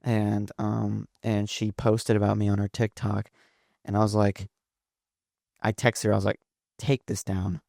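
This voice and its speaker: Speaking a little slowly with a completely flat delivery, this late-teen podcast guest, who is the host's son, rambles through casual stories packed with fillers and false starts. His fairly low voice carries vocal fry and a darkish tone. The audio is dry and studio-clean.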